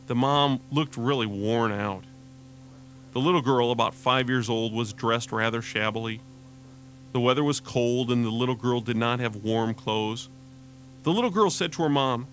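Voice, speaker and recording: A man with a mid-pitched voice narrates a scripted radio sermon. His delivery is earnest and measured, and he slows down to lean on his key questions. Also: fairly bright tone. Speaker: radio devotional host.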